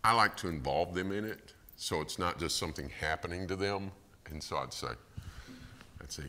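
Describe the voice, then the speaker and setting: A middle-aged man preaching a sermon in a church, telling stories with animated acted-out quotes and chuckles. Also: deep voice, brisk, a little hiss or hum.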